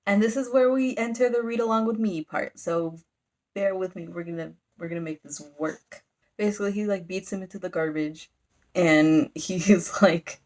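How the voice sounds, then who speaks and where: A woman's voice: mid-range voice, fairly even intonation, normal speed, a little mellow. A young woman casually recapping a manga volume for her channel, rambling with lots of "like" and briefly acting out the characters' lines. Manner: rambling and chatty, full of "like" fillers; briefly dramatizes character lines mid-story. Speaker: YouTuber reviewing manga.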